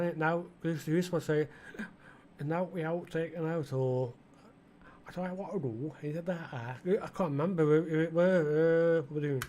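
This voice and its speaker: A middle-aged man with a broad East Midlands English accent, chatting in a loose, rambling way full of "uh"s. His voice sits a little high for a man, and faint noise hums under the recording. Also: a little mellow. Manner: rambling, chatty, full of fillers, talks to game customers. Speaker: gaming channel host. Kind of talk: casual let's-play commentary.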